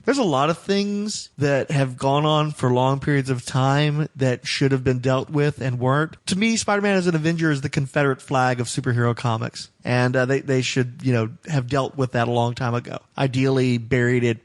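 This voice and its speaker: A man's voice: medium pitch, moderate pace, few pauses. A man co-hosting a comics podcast, reading listener comments and giving opinionated, wry takes in casual chat. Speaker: podcast co-host.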